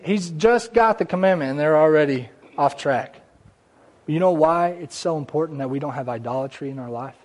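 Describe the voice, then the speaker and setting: A man's voice: medium pitch, darkish tone, husky. A man preaching a conversational church sermon, with asides and small jokes along the way. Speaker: pastor. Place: church sanctuary.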